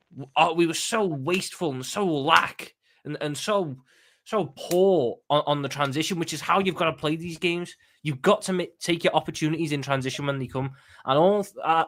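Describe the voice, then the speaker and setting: Male panelist, voice on the higher side, emphatic, stumbles over repeated words, passionate match talk. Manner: fast, emphatic, repeats words when excited. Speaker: panel guest, football fan.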